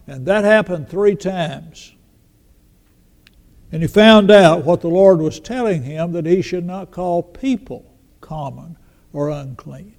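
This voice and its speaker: Folksy older preacher, storytelling, gravelly, echoes round a big hall. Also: male voice, high voice, lively intonation, slow, a little mellow. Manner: folksy storytelling, acts out quoted voices. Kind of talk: sermon. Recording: long reverb in a large hall.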